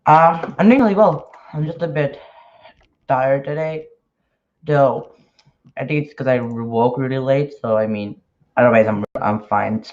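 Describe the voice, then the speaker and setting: A man talks casually on a livestream while he writes, nervous and halting, often restarting his sentences. His voice sits at an ordinary middle pitch. The stream audio is dull and lo-fi. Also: a little mellow. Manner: nervous, hesitant, many restarts. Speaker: podcaster and newsletter writer.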